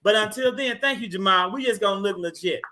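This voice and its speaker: A man hosting a casual online talk show, animated and teasing his co-hosts. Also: sits high, fast, crowd noise. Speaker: show host.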